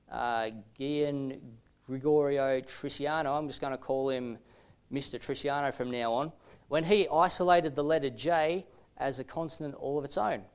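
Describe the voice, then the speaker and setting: A man with a slightly raised voice giving a lecture-style teaching talk. He explains things step by step at a measured pace, often filling pauses with "uh". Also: on the high side, darkish tone, clean tone. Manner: measured explanatory delivery with frequent "uh" fillers.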